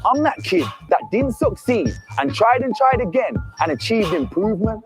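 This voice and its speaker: A man's voice: high voice, expressive, moderate pace, soft background music. A man performing spoken-word poetry in a rhythmic, declamatory way.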